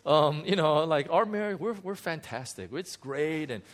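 A man's voice: fairly high pitch, animated, normal speed. A man gives a sermon in a slightly raised voice, telling a story about himself with candid self-mockery. He keeps restarting his sentences and fills gaps with "you know" and "um". The delivery is a pastor's testimony from the pulpit.

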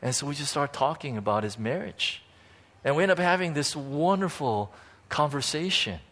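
A man preaching in a relaxed storytelling way, full of fillers and restarts. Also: a little high. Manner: conversational, halting, many fillers and restarts. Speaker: pastor. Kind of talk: sermon storytelling.

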